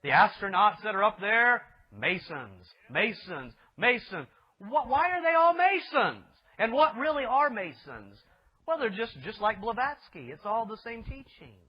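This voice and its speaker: High-voiced preaching man, lo-fi. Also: very animated, unhurried. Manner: emphatic preaching with rhetorical questions. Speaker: pastor. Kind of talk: sermon. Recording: dull lo-fi recording.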